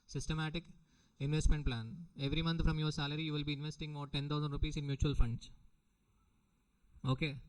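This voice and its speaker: A middle-aged Indian English-accented man delivers a recorded exam-prep lecture. His voice sits on the higher side for a man. He repeats each point and keeps checking whether the students follow. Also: little pitch movement, brisk, smooth, low-quality recording. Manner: repetitive, questioning the students often. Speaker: teacher.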